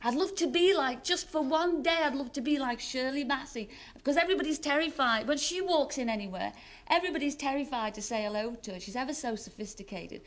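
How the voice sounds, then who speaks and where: A woman's voice: sits high, animated, fast, hardly any pauses. A woman in her thirties with a Scouse accent, a chatty chat show guest who laughs often and pokes fun at herself. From Liverpool, England. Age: 30s. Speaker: celebrity guest.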